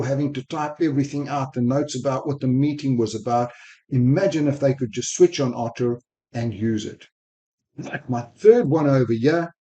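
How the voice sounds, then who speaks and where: This man speaks with an accent blending South African, Spanish and American sounds, and he rattles through a software demo with eager enthusiasm. His tone is mellow and his pitch is mid-range for a man. He talks into a desk microphone while recording his screen. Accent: mixed South African, Spanish and American. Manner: quick, enthusiastic talk. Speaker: sales technology speaker.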